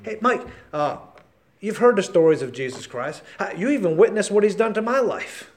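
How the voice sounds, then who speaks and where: A man preaching a sermon with great passion, swinging from shouts to near-whispers and calling his listeners by name. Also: high-pitched, lively intonation, normal speed, echoey room.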